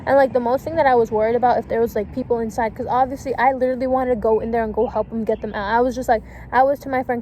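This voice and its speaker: Young woman vlogger, kinda high but mellow voice, cussing nonstop, lil bit of noise behind. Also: steady tone, rapid-fire, few pauses, rough recording. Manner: swears a lot, fillers like "like" and "and shit". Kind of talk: casual storytime. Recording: faint background noise.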